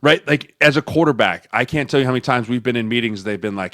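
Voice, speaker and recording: A former NFL lineman co-hosts a casual sports podcast, telling stories animatedly, acting out coaches and players in quick voices and saying "right?" a lot. His voice is mid-range, and the sound is dry and clean, studio quality.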